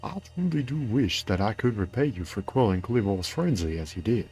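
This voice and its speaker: A man's voice: lowish voice, expressive, normal speed, a little mellow, slightly rough. A man voicing an earnest, grateful male clan member from a video game, reading the lines in a put-on drawl that slides between cowboy and Australian. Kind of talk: reading game dialogue aloud.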